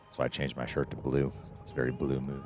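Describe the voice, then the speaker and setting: A man's voice: a bass voice, level tone, fast, over music. A man co-hosting a movie reaction show, bantering in a playful, teasing way.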